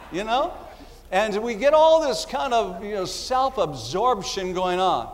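A man preaching a sermon in a slightly high voice, with long reverb from a hall trailing behind him. He talks to the congregation in a conversational way and drops into little acted voices as asides. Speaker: pastor.

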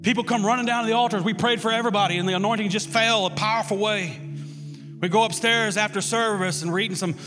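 A man preaching a sermon, telling a story with lively swings into shouting. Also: high-pitched, fast. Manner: animated storytelling, bursts into shouts. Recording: long hall reverb with loud music.

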